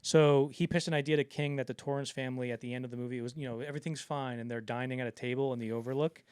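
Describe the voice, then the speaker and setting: A man's voice: medium pitch, fairly even intonation, rapid-fire, a little mellow, smooth, dry recording, clean studio sound. A man co-hosting a film podcast in casual chat, rambling with lots of fillers and acting out the quotes he retells. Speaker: podcast co-host.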